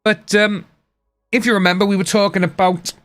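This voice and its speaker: A man's voice: high-pitched, flat delivery, normal speed, fairly bright tone. A man chatting casually on a live stream, rambling and replying to his chat. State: hiccups. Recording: faint music behind.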